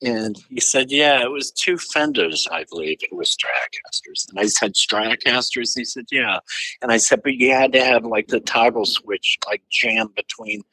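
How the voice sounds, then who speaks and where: An older man from St. Louis telling an animated story as a guest in an interview. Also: mid-range voice, moderate pace, no echo, low-quality recording. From St. Louis, USA. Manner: animated anecdote-telling with quoted voices. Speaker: musician guest.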